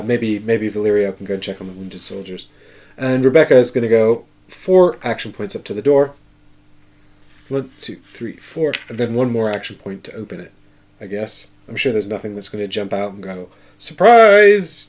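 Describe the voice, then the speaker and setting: A man's voice: fairly low pitch, a little mellow. A man hosting a casual solo board game playthrough, chatty and thinking aloud as he counts out moves. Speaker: board game player and show host.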